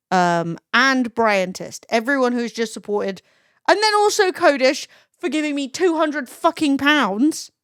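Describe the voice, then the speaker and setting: High-voiced chatty woman. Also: clear, resonant tone, no room sound, clean studio sound. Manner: chatty, swears freely, laughs often. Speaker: live streamer. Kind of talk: casual live-stream chat, reading chat.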